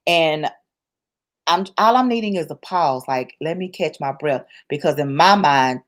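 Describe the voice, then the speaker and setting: A woman with a slightly low voice tells her own story to an interviewer. She speaks in a colloquial, church-rooted way, hammering points home through repetition. It sounds like candid personal testimony rather than a speech. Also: animated, a little slow. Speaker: interview guest.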